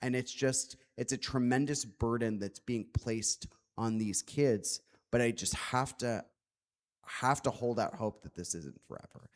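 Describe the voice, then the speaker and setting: A man's voice: mid-range voice, unhurried. A man speaking as an author at a public book talk, earnest and reflective, with many "like" fillers.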